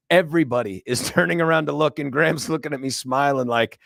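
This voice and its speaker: A middle-aged man hosting a radio talk show, telling stories in a jokey, animated way with laughs. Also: a little high, fast, creaky, few pauses, dry recording, studio quality. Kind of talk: casual radio chat. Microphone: studio microphone.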